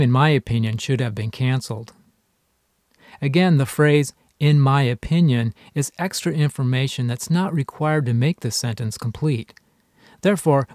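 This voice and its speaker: Guy teaching a college writing class online, reads examples out nice and slow, dry close recording, middle-pitched voice. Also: darkish tone, dry recording. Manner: slow, deliberate reading of example sentences.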